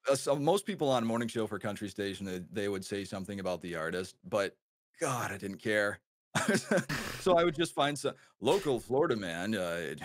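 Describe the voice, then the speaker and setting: A man's voice: fairly low pitch, dry recording, studio quality. A man with a light Wisconsin accent, a guest on a casual podcast, telling stories in a rambling, self-deprecating way full of restarts. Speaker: podcast guest, former radio host. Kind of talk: casual chat.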